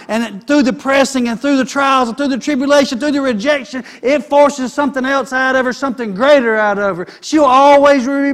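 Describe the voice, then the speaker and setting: A man's voice: very high-pitched, fairly bright tone. A man preaching a sermon in a folksy, conversational way.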